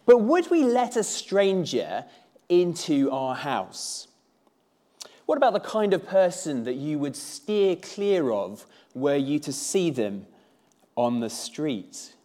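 A man's voice: fairly high pitch, big pitch swings, slow pace, dark tone. A man preaching to a church congregation, conversational in manner, with filler words. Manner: conversational, with filler words and a few playful put-on voices. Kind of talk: sermon.

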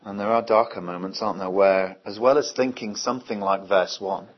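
A man's voice: on the low side, fairly even intonation, fairly quick, hardly any pauses. A man preaching a sermon earnestly, asking his listeners many rhetorical questions. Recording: dull, lo-fi recording.

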